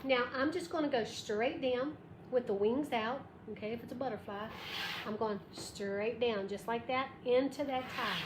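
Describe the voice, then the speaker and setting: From her craft shop, a high-voiced woman hosts a craft livestream at a moderate pace, chatting with viewers during the tutorial. She's bubbly, greeting people by name and counting aloud, and the room is echoey with background noise.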